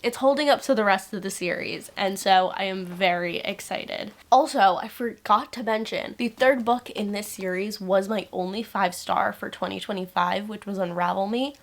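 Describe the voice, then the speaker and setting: A young woman talking casually in a reading vlog, gushing and excitable as she chats about the books she is reading. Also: mid-range voice. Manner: gushing, animated, quick bursts of excitement. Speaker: book vlogger.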